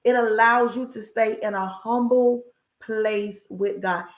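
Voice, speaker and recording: A woman's voice: a little high, steady tone, slow. Woman, faith talk on a livestream, emphatic, repetitive preacher cadence, folksy, echoey room. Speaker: inspirational speaker.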